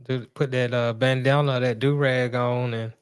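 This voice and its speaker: A man's voice: mid-range voice, level tone, normal speed, clean tone, dry recording, studio quality. Laid-back man co-host. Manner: laid-back, agreeable, teasing. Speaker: podcast co-host. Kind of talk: casual chat.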